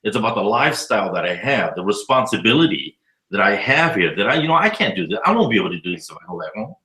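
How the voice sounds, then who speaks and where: A man in his fifties, an educator living abroad, telling stories in a casual, profane, animated way during an interview. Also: fairly low pitch, fast talker, roomy sound, low-quality recording. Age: 50s. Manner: animated, profane storyteller acting out dialogue.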